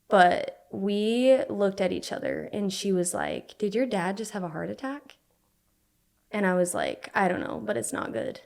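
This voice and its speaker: Young woman, filler-heavy halting talk. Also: mid-range voice, darkish tone. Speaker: podcast guest. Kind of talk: personal storytelling in conversation.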